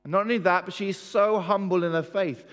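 Speaking at a quick pace with a steady tone, a preacher hammers home each point of his sermon using rhetorical questions and emphatic repetition. His fairly high voice echoes through a long hall reverb.

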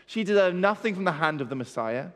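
A man's voice: sits high, lively intonation, fast talker. A man preaching a sermon, pressing his points with rhetorical questions and repetition. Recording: long hall reverb.

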